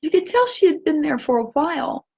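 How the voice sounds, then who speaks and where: A woman telling a personal story in a gentle, halting way, teary and with her voice breaking. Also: high-pitched, very animated, creaky, dull audio. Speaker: vlogger sharing a personal story.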